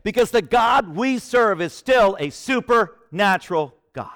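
A man preaching a sermon with passion, swinging from hushed lines to shouting. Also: high voice, expressive, measured pace, no echo, studio quality.

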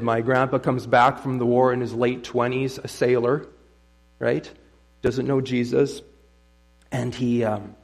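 Middle-aged male pastor, gravelly voice, folksy storytelling sermon, chatty asides to the room. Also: mid-range voice, darkish tone. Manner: folksy, conversational, asks the audience rhetorical questions. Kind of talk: sermon with personal stories.

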